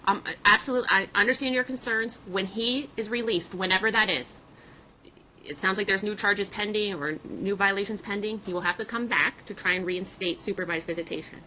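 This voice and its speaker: A woman judge runs a courtroom hearing, firm and procedural as she lays out her rulings. She talks fast, and her voice has a bright, pointed edge. A light hiss of courtroom recording sits behind her. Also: medium pitch, low-quality recording.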